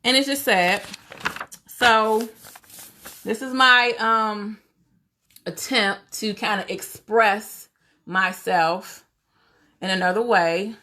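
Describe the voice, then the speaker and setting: A woman's voice: mid-range voice, takes it slowly, pauses often, bright, forceful tone. A woman hosting a casual livestream, opinionated and full of rhetorical questions, greeting viewers as she talks. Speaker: livestream host.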